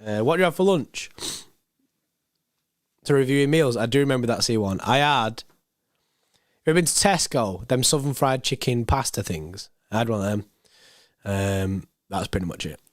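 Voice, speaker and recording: A young man with a hoarse, worn voice chats loosely on a football live stream, reading out chat messages. He rambles and repeats himself in an easy, unhurried way. The sound is dry and close to the microphone. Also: mid-range voice, animated, no echo. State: hoarse, voice going.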